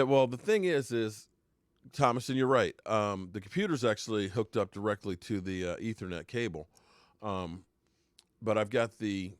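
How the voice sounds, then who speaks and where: With a fairly low voice, a live-stream sports host rambles casually about football, answering viewer comments and playing up mock heartbreak for fun. The recording is clean studio quality with no echo.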